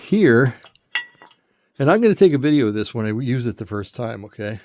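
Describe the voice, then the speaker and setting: A man's voice: mid-range voice, very animated, normal speed, a little hiss or hum. An older man casually demonstrating a tool, rambling and correcting himself often, a little out of breath. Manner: rambling, self-correcting, lots of fillers. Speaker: metal casting hobbyist showing a tool.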